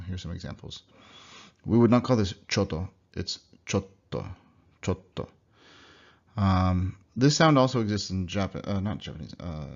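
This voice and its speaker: A young man giving a recorded slide lesson, explaining sounds and repeating example words slowly. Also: low-pitched, a little mellow. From United States. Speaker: language teacher. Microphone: computer mic. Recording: dull lo-fi computer recording.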